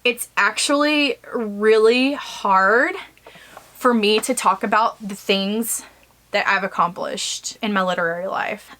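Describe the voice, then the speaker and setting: Woman, self-published author, vlogging alone in a home office; candid, rambling, mid-pitched voice. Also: a bit bright. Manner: frank, rambling, many fillers like "like". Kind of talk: candid vlog talk to camera.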